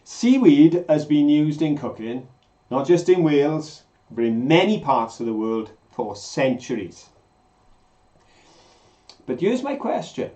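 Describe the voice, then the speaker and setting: A British man co-hosts a live mudlarking show, chatting enthusiastically in casual live-stream style and stretching out his quiz questions. His voice sits on the high side, animated and warm, delivered at a slow pace. The audio is reverberant with the highs cut off.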